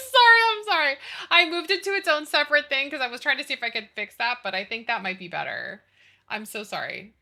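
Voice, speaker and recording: A woman's voice: high-pitched, lively intonation, fast, gravelly, pushed and bright. A young woman streaming live, chatting casually, swearing freely and apologizing as she fiddles with her settings.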